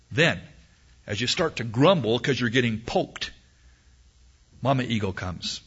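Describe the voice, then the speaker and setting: A man preaching a sermon, telling an animated story and acting out sounds and voices, in a husky voice on a dull, lo-fi recording. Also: fairly low pitch.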